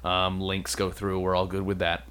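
A man's voice: low-pitched, completely flat delivery, moderate pace, a bit bright, smooth. A man co-hosting a casual talk show, joking dryly in banter with his partner. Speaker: podcast co-host. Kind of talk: casual chat.

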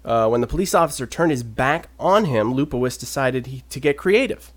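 A man co-hosting a casual talk show, telling an odd news story with animated delivery. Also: medium pitch, a little fast. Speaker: podcast co-host. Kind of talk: casual chat, reading news stories.

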